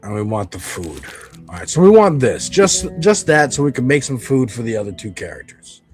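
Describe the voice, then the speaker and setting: A man chats through a video game as he plays, rambling, loose and now and then swearing. His pitch rises and falls freely, and game music plays faintly underneath. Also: very animated, moderate pace. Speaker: streamer playing a video game. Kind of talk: casual gameplay commentary.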